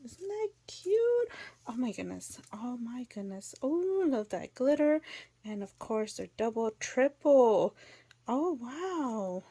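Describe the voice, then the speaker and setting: A crafting-channel host unboxes craft mail indoors, chatting to her viewers and effusively exclaiming over each piece. She has a mellow, high-leaning voice with lively intonation and takes her time.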